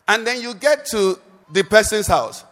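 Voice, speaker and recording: A pastor with a high-pitched, slightly bright voice and lively intonation preaches a live church sermon at a measured pace. He poses call-and-response questions to the congregation and rises into sing-song phrasing. The audio carries long church-hall reverb.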